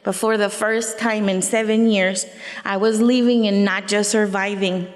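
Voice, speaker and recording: A woman's voice: mid-range voice, steady tone, measured pace, in a large hall. A woman giving a personal testimony on stage, earnest and reflective, with short faith-filled declarations. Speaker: speaker sharing her story on stage. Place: event venue stage.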